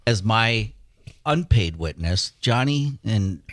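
A man's voice: fairly low pitch, animated, takes it slowly, a bit bright, dry recording. A man co-hosting a morning radio show in a studio, joshing around and often stumbling over his words. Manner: stammering, restarts, joshing. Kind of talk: casual radio banter.

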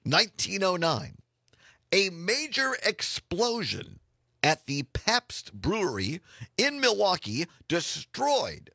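A man hosting a talk radio show from a studio, chatting and laughing easily with a hoarse voice. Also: high-pitched, huge pitch swings, slow, no echo. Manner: laughs often, warm easygoing rambling. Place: radio studio in an office building.

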